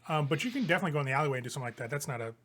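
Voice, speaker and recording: A man's voice: on the high side, expressive, racing, a bit bright, slight background noise. A man running a tabletop game as game master, describing scenes casually and loosely.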